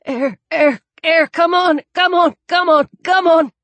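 A woman's voice: high-pitched, slow, no echo. A woman voicing a desperate man struggling in icy water, speaking in urgent, breathless pleas.

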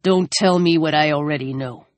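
A man's voice: on the high side, normal speed, dry recording, close to an everyday voice. A weary older man, torn and uneasy, speaking in subdued, hesitant tones, as a woman reader puts him on. Close, dry sound with no room.

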